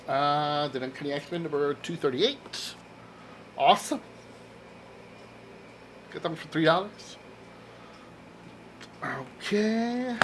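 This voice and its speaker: A man's voice: fairly high pitch, a bit bright, slight background noise. A man chatting casually in a vlog as he shows off a comic book haul, enthusiastic and laughing at his own jokes. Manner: enthusiastic, exclaims over covers.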